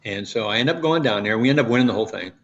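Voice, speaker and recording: A man in his sixties, a former pitcher and guest, telling stories in a rambling way with many restarts. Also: animated, rapid-fire. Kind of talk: casual interview storytelling. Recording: dull lo-fi audio.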